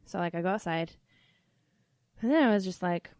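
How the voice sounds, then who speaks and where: A woman podcast host telling a funny family story in a casual, animated way, laughing often and swearing freely. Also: on the low side, moderate pace, pauses often, dry recording, clean studio sound.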